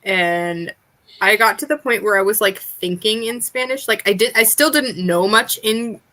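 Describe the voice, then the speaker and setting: A woman in casual chat, telling relaxed anecdotes. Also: medium pitch, moderate pace.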